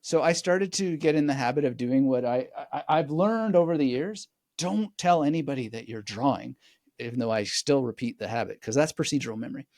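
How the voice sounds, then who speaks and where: A man speaking as a guest memory expert in a conversational interview, animated and digressive, often laughing as he explains. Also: medium pitch, fairly quick, dry recording, clean studio sound.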